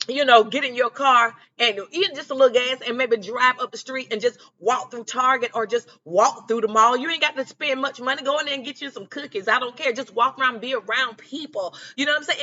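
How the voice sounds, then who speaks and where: A woman's voice: high voice, brisk, hardly any pauses, pushed and bright, lo-fi sound. A woman giving a casual, encouraging spiritual pep talk, often checking in with "okay?" and "you know what I'm saying?". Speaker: spiritual guidance creator.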